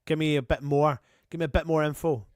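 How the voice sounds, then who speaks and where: An English fan channel host runs a live football match watchalong, speaking fast in a fairly high, steady voice on a dry, clean studio recording. He calls the play and mixes in viewer comments, chatty and matey, breaking off the commentary to greet people.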